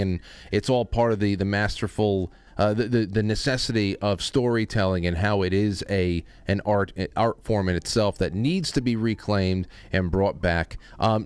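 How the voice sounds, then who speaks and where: Male host, casual rambler, smooth lowish voice, dry close sound. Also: dry recording. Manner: rambling, halting, with many restarts. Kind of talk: casual chat.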